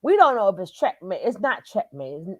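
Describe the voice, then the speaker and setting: An older woman hosting her own channel, chatting casually with loud, animated bursts. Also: medium pitch, fairly quick, no room sound, muffled recording. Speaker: channel host. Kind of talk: casual commentary chat.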